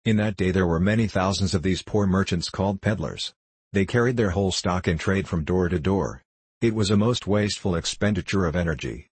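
A man narrating an audiobook in a steady, measured way. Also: low voice, husky.

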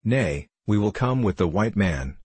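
A man's voice: lowish voice, expressive, unhurried, darkish tone, slightly rough, no echo. A man voicing a frightened, submissive male servant who gasps his replies. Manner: gasping, submissive.

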